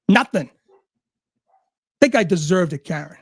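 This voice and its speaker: A man's voice: high-pitched, measured pace, a little mellow, no echo. A man ranting angrily and sarcastically, swearing at almost every turn. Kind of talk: profane rant.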